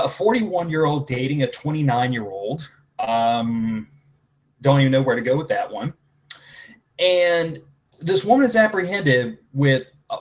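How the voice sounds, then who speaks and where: A man speaking as a podcast guest in casual chat, blunt and crude in his jokes. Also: medium pitch.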